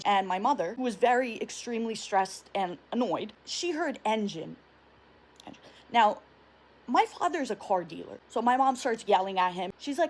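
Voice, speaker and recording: Young woman, husky voice, lively swooping pitch, comic profane storytime. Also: a little fast. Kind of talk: casual storytime.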